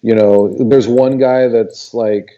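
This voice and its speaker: A man's voice: mid-range voice, steady tone, slow, mellow, muffled recording. A man co-hosting a film podcast, summarizing plots in a rambling way with many fillers. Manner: rambling plot summary, many you-knows. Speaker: podcast co-host. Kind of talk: casual film review chat.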